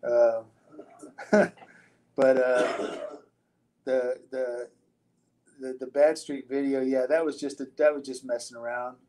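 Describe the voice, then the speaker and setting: A man's voice: mid-range voice, level tone, slow pace, pauses often, warm tone, slight background noise, poor audio. Rambling older man telling stories. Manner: rambling, profane, frequent restarts and fillers. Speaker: interview guest, retired wrestler. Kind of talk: casual storytelling interview.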